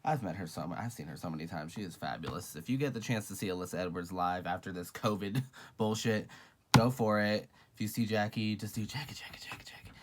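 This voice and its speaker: A man's voice: sits low, fairly quick, slight background noise. A man hosting a casual makeup review vlog, sassy and gushing, calling viewers honey and girl and swearing freely. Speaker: beauty vlogger.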